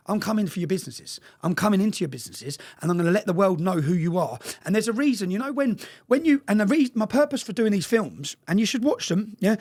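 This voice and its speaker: An English man, a guest in conversation, tells stories with impassioned, insistent energy, often closing phrases with a questioning "yeah?" His voice sits high, with a darkish tone and a breathy edge.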